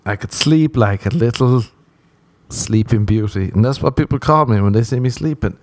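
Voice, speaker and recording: A man with a non-American accent hosts a casual solo podcast, rambling, swearing and poking fun at himself while laughing often. His voice is mid-range, his pace normal, with no echo.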